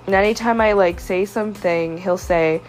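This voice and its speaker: A woman's voice: medium pitch, normal speed, faint music behind. Young woman venting, hurt and frustrated. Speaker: podcast host. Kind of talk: personal venting monologue.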